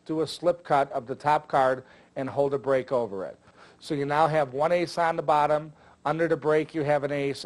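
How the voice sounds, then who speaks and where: An older man talks through magic tricks in a loose, conversational way, full of jokes and filler words. His voice sits a little high for a man. He sounds like a veteran teaching fellow performers. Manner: chatty, jokey, with filler words. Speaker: magic instructor. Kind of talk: casual instructional talk.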